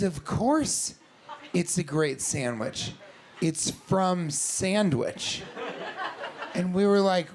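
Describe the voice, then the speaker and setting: A male stand-up comedian in a small comedy club, riffing with mock-angry profanity at an audience member. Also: fairly high pitch. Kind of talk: stand-up set with crowd work. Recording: live club recording with loud crowd laughter. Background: loud audience laughter.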